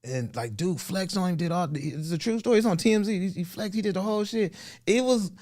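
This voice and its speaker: A man telling a story as a guest comedian in a casual podcast chat, animated and full of slang. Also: high voice, a little fast.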